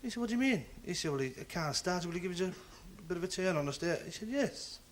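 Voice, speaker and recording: A man's voice: sits high, steady tone. A man telling a stand-up joke on stage, acting out the voices and engine noises of his characters. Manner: brisk storytelling, acts out voices and engine noises. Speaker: stand-up comedian. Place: stage before a live audience.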